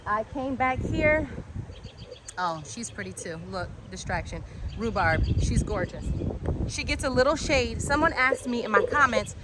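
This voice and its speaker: A woman giving a casual walk-and-talk tour of her backyard garden. She talks in an excitable, chatty way and drifts off topic easily. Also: a little high, unhurried. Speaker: home gardener and channel host. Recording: outdoor noise with birds and passing traffic.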